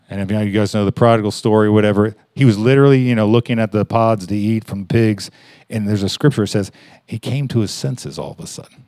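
A man preaching in a conversational way, telling a story with halting restarts and rising emphasis. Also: lowish voice, warm tone, no room sound, clean studio sound. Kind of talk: conversational sermon.

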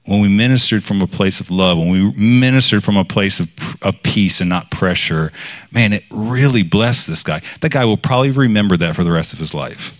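A man preaching informally, telling a personal story in a casual, rambling way with many fillers, his voice jumping up when he quotes others. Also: a little fast. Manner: animated when quoting others, voice jumping high.

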